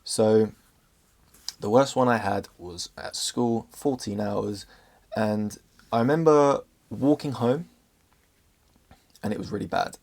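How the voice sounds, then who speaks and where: A young man with an English accent speaks straight to his viewers in a slightly low voice. He is earnest and open about a hard memory. His words sometimes trip over each other as he goes. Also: slow, vocal fry, long pauses, darkish tone. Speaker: vlogger. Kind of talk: candid personal storytelling.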